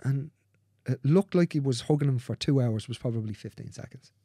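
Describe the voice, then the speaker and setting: A man speaking as a guest in a candid conversation, earnest and repetitive, swearing freely and dropping into soft, near-whispered phrases. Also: medium pitch, a little fast, husky, dry recording, clean studio sound.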